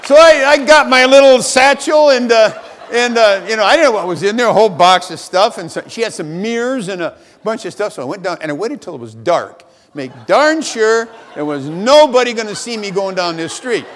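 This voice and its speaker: A man tells a self-mocking story to a convention crowd, and his voice sits high and swings widely in pitch. The sound carries the long reverb of a large hall. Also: animated, a little fast, a bit bright, a little hiss or hum. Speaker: speaker at a sales convention. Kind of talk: motivational storytelling speech.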